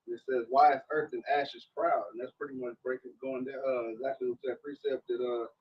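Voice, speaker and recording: A man reading scripture and commenting in a quiet, low-key way. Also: flat delivery, brisk, husky, highs cut off. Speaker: scripture reader.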